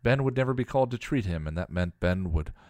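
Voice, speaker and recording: Deep-voiced man narrating a story. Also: lively intonation, quick pace, darkish tone, no room sound. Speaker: story reader. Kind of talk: narrating fan fiction.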